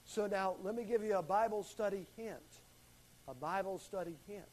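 Man, high voice, Bible class teacher, calls on students and leans hard on key words. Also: a little mellow, rough recording. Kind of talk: classroom Bible lesson with questions.

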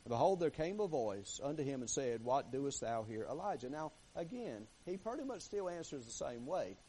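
A man preaching a sermon who reads scripture aloud and swings between hushed, quiet passages and emphatic, rising ones. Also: fairly high pitch, very animated, moderate pace, few pauses, breathy edge, poor audio.

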